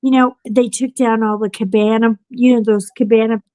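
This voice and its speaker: A woman podcast host telling a story in casual chat, animated and acting out what people said. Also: a little high, moderate pace, no room sound, poor audio. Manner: animated storyteller who acts out quotes.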